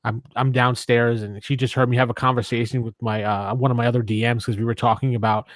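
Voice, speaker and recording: A man with a softened New York accent, chatting as a guest. His voice sits at an ordinary pitch and he tells stories animatedly, often restarting his sentences. The recording is dry and close. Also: fast, dry recording. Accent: faint New York. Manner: animated storyteller, stammering restarts. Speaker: guest, game designer. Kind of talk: casual chat.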